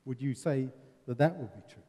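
Brisk and mellow, with a medium pitch, the seminar presenter speaks in an English accent; he is from England. Earnest, he leans on rhetorical questions and wry humour, and the sound echoes as in a reverberant hall.

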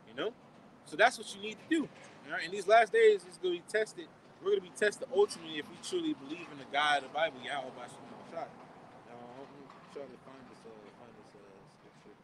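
A man with a fairly high voice preaches outdoors in a loose, conversational Bible study. He ends almost every line with "man" or "okay?" and poses questions he answers himself. Faint street traffic hums behind him. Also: expressive, fast talker. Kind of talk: informal outdoor Bible teaching.

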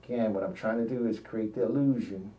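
Mellow man talking through a painting. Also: fairly low pitch, steady tone. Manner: unhurried, thinks aloud while working, trails off mid-sentence. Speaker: painter demonstrating. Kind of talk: painting demonstration narration. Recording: roomy, dull lo-fi sound, mic at a distance.

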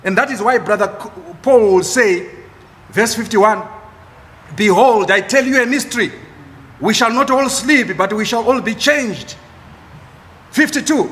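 A man preaching a sermon as pastor, emphatic, repeating key phrases with dramatic pauses. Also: high voice, fairly bright tone. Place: church. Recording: echoey church hall.

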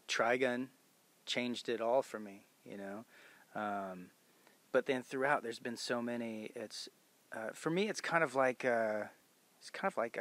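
A man's voice: mid-range voice, a bit bright, no room sound. A man in his forties, a voice actor, telling stories in a convention interview and laughing often as he acts out quotes. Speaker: voice actor guest. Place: convention venue.

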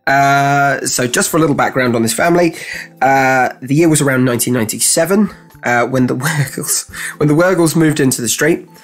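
A man's voice: medium pitch, fairly quick, soft background music. Laughing man telling a story. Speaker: podcast co-host. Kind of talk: casual comedy podcast chat.

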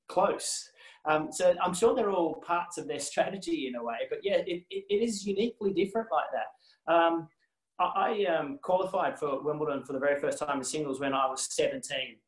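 Australian ex-athlete guest, lively anecdotes, restarts, roomy echo on a video call. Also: male voice, on the high side, moderate pace. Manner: animated anecdotes with many restarts and laughs. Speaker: former tennis player, guest. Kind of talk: casual storytelling on a video call.

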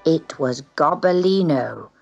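A woman reading a children's storybook aloud in an expressive way, dipping into whispers on key words. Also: low voice, slow, gravelly, husky, lo-fi sound, soft background music.

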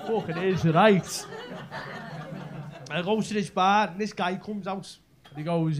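A young Scouse man from Merseyside, England, meanders through a live stand-up set full of local slang, his high, steady voice moving at a moderate pace with long pauses. The comedy club recording picks up crowd laughter in the background.

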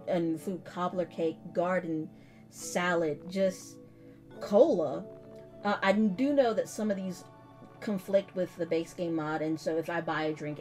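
A woman's voice: on the low side, a little mellow. A woman in her thirties casually commenting on her gameplay, chatty, slangy and self-mocking. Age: 30s. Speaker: gaming video host. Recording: game music behind. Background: game music.

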